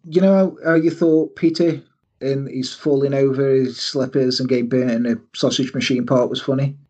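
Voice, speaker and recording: Husky man telling a story animatedly. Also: mid-range voice, moderate pace, lo-fi sound. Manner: animated, laughing, bursts into silly voices. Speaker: podcast host. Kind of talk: casual storytelling chat.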